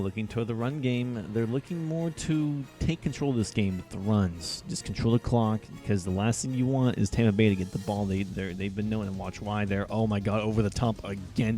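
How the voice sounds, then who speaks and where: A young man doing live play-by-play for a video football game, keeping his excitement quiet so as not to wake his housemates. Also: on the low side, moderate pace, faint music behind. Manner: holding back his volume, hyped but quiet. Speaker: play-by-play commentator. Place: shared house at night.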